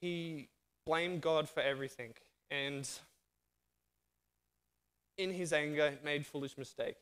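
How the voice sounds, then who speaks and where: Australian male speaker, slightly high voice, lively sermon storyteller who acts out dialogue. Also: slow pace, clean tone. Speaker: guest speaker.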